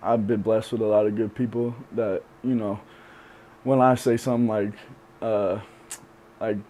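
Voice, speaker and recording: This is a young man opening up in a podcast interview. His voice sits low and mellow, and he pauses often with fillers as he thinks things through. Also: flat delivery, a little hiss or hum. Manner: reflective, halting with many fillers. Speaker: podcast guest. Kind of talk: candid interview talk.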